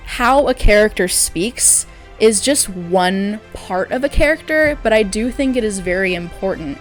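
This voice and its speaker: Brief: woman host, casual chatty film commentary, mid-pitched, easy fillers. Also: lively intonation, measured pace, soft background music. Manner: chatty, frequent fillers, laughs easily.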